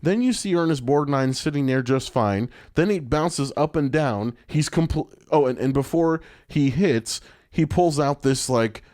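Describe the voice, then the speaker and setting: A man's voice: on the high side, a little slow, hardly any pauses, a little mellow, no echo, clean studio sound. A man co-hosting a podcast, recapping a TV episode in casual chat, laughing often and acting out lines. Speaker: podcast co-host.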